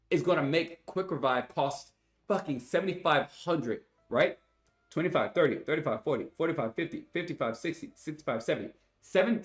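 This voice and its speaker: A man's voice: a little high, a bit bright. Profane young man ranting to chat. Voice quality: profane, exasperated, with heavy sighs. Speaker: gaming streamer. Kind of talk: angry rant to stream chat. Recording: roomy echo with faint music.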